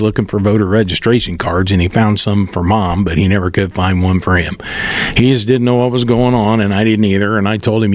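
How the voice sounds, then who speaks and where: A middle-aged man, hosting a podcast and telling a rambling, folksy story, raising his voice when he retells what people said. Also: fairly low pitch. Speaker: podcast host. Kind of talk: casual storytelling monologue.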